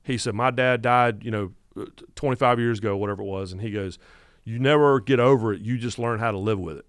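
Male, 50s, North Carolina Southern accent, animated podcast storyteller, dry studio sound. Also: fairly low pitch, a little fast, no echo. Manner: animated storyteller who acts out quotes. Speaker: guest podcast host.

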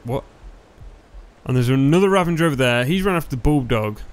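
This let's play commentary comes from a gaming YouTuber with a mid-range voice, who gets excitable and yells at in-game deaths until his voice goes hoarse. He's recorded on a loud, close headset or desk mic over faint background music.

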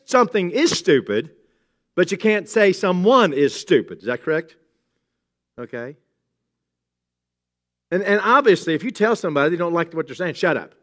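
Animated joking man preaching a sermon. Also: on the high side. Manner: jokey, conversational preaching with chuckles and asides to the congregation. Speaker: pastor. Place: church sanctuary.

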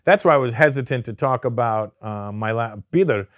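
A middle-aged man from Canada, speaking as a comedian guest in a relaxed studio interview. His voice sits in an ordinary middle pitch, and the sound is close and dry. He tells stories in an animated, profane way and keeps slipping into quoted voices. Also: fairly quick, dry recording. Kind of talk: casual interview chat.

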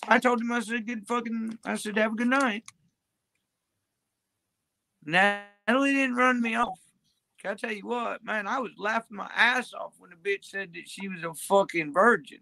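A woman's voice: on the high side, gravelly, pushed and bright. A woman livestreaming, talking in a crude, profane, drawling ramble.

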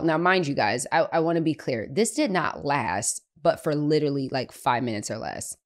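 Low-voiced woman telling a faith story. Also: normal speed, hardly any pauses. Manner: animated, acts out children's voices, laughs often. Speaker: podcast host.

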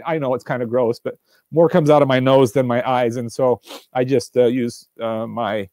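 A man giving a livestreamed devotional fireside talk from a room, earnest and animated, repeating his questions, stumbling over words and reading viewer answers aloud. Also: mid-range voice, no echo, clean studio sound. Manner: reads viewer answers aloud from a live chat. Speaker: fireside speaker. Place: indoors room, alone.

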